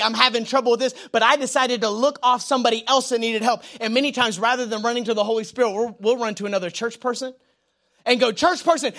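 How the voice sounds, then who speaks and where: A young man preaching a sermon. He talks informally, telling jokes and personal stories, and moves between loud emphatic lines and quiet prayerful asides. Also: very high-pitched. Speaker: pastor.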